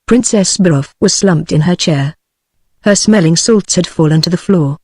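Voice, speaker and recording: A synthetic British English woman's voice reading a novel aloud in an even, machine-read delivery. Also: fairly low pitch, normal speed, breathy edge, dry recording, studio quality. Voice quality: flat, even text-to-speech delivery. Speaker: audiobook narrator. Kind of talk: synthesized audiobook narration.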